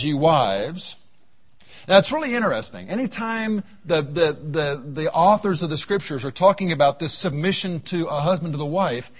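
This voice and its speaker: A man preaching a seminar sermon, telling folksy stories from his marriage and acting out the voices in them, with a husky voice. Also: a little high. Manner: folksy storytelling, voices the Lord and his wife. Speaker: seminar speaker. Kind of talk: sermon with acted anecdotes.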